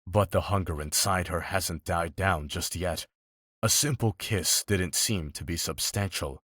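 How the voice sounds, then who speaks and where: A man reading a romance audiobook aloud in a steady, measured storytelling delivery. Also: sits low, breathy edge, no room sound, studio quality. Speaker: audiobook narrator. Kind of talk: scripted romance audiobook narration.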